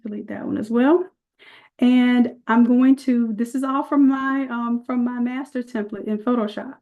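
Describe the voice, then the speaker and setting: Woman, live design class, chatty and folksy, slightly high voice. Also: fairly even intonation, moderate pace, phone-quality sound. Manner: chatty, folksy, addresses viewers as y'all. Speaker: design instructor.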